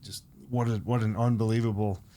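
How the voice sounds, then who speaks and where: Low-voiced co-host, halting and full of fillers. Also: male voice, little pitch movement, warm tone, slight background noise. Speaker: podcast co-host. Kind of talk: casual podcast conversation.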